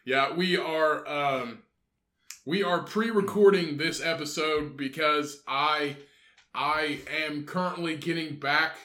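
A man's voice: on the high side, slow pace, pushed and bright. A man co-hosting a podcast in casual chat, rambling, swearing freely and laughing often. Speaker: podcast co-host. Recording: echoey room.

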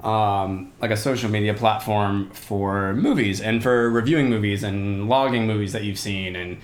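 Man casual co-host, quick and offhand, roomy echo. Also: lowish voice. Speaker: podcast co-host. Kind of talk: casual chat. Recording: echoey room.

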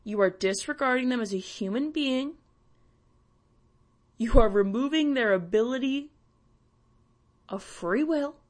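Slow, blunt ranting woman. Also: a little high, lively intonation. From Canada. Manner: blunt, swearing, sarcastic. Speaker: podcast host. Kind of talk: ranting monologue.

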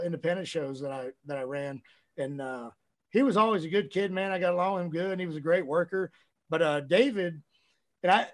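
Man, high voice, profane, rambling, casual podcast guest. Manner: profane, rambling, animated storytelling.

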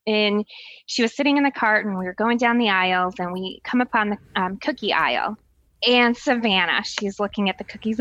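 Animated woman telling family stories. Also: medium pitch, no echo, dull audio. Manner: animated storyteller, acts out quoted voices. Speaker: podcast co-host. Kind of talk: casual chat.

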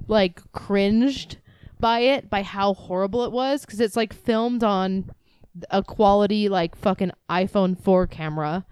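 A blunt young woman co-hosting a podcast, swearing freely and animated in her delivery. Her voice is smooth and clear, recorded close and dry. She sits mid-range in pitch. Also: measured pace, dry recording. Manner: blunt, swears a lot, animated, jumps high when mimicking. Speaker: podcast co-host. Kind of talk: casual chat.

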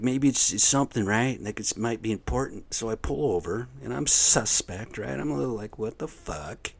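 A man talking to listeners in a rambling, profane, agitated monologue. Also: deep voice. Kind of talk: ranting casual monologue.

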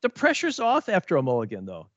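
A man's voice: on the high side, huge pitch swings, quick pace, dry recording, highs cut off. A man co-hosting a podcast, telling a long story in casual chat with many false starts and restarts. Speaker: podcast co-host.

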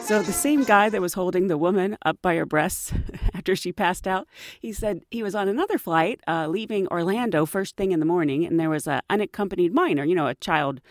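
A woman hosting a podcast, telling stories in a casual, animated way and laughing often. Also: on the low side, a little fast, no room sound, clean studio sound, soft background music. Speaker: podcast host. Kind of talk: casual storytelling chat.

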